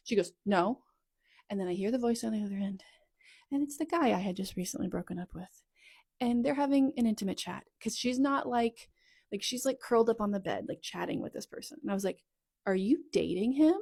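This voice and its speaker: A woman's voice: mid-range voice, creaky, a little mellow. Chatty woman in her thirties, rambling. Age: 30s. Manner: rambling and chatty, full of "like" asides and self-corrections. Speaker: content creator telling her life story. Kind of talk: casual storytime monologue. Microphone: phone.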